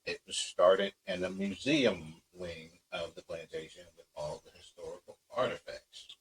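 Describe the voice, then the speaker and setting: A man's voice: low voice, measured pace, background noise. A man with a Philadelphia accent co-hosting a podcast, wry and understated. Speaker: podcast co-host. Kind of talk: casual chat.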